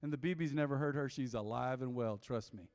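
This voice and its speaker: A middle-aged man preaching as a pastor, telling a confessional story with jokes, then leading an altar call, his voice swinging from loud to hushed. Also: medium pitch, a little fast. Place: church sanctuary. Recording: long hall reverb.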